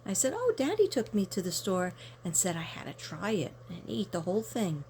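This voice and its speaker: A woman's voice: mid-range voice, wildly swooping pitch, fairly quick, dark tone, slight background noise. A woman card reader chatting casually to camera, rambling through a story and talking to her viewers directly.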